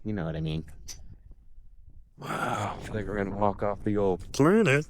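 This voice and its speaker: On a mountain summit, a travel vlogger talks casually into a handheld camera, rambling and joking in awe of the view. His lowish voice is sing-song at a moderate pace with frequent pauses, and there's a little hiss or hum in the audio.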